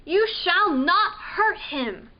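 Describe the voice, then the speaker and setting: A high, earnest young girl from a storybook speaks slowly and sincerely, as a woman reads her part. She is gentle but brave. The sound is a bit dull and lo-fi. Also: lively intonation, exaggerated voice. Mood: defiant.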